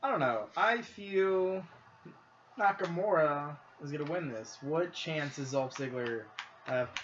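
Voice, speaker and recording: A man's voice: fairly high pitch, a little slow. A young man with a Midwestern accent giving earnest, sometimes announcer-style picks in a casual chat while gaming. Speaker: podcast co-host. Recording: lo-fi audio with clear background noise.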